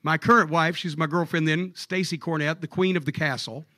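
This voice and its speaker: A man telling profane stories on stage at a live comedy club show, animated and jokey. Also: fairly high pitch, fairly quick, dry recording.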